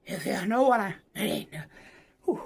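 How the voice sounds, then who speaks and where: A man speaking in a high, squeaky put-on voice as a streamer, brash and swearing while he chats during a workout. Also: lively intonation, a little slow, gravelly, a little mellow, slightly rough, heavily acted. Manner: brash, swearing, teasing the chat. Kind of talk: live workout stream chat.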